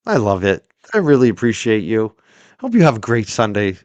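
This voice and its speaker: A man's voice: fairly low pitch, very animated, brisk, a little mellow, no room sound, lo-fi sound. A man hosting a commentary stream, ranting in a sarcastic, mocking tone. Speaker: show host and commentator. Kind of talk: livestream commentary.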